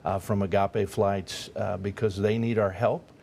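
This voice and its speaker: Man, mission charity head, low voice, earnest, halting. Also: steady tone, gravelly, a little mellow, a little hiss or hum. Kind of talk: TV panel discussion.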